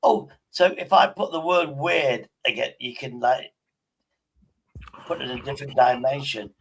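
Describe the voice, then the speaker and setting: A man hosting a loose live stream, talking in stop-start bursts and repeating words as he thinks. His voice sits at an ordinary male pitch. He swears offhandedly. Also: moderate pace, vocal fry, breathy edge, rough recording. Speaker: livestream host. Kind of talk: casual live-stream chat.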